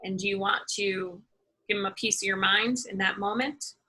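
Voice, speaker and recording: A woman practitioner calmly guiding a tapping session, feeding phrases for her client to repeat. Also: medium pitch, normal speed.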